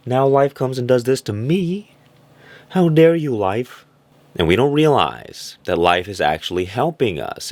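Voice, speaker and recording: A self-help speaker delivers a reflective motivational monologue, illustrating his points with little stories and acted-out voices. His voice is fairly low and the recording is dry.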